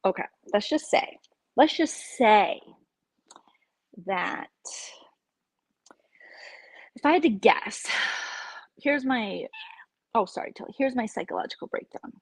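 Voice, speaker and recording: A woman's voice: fairly high pitch, expressive, slow pace, long pauses, dry recording, rough recording. A woman hosting a casual live-stream chat, gossiping candidly and sometimes dropping to a whisper.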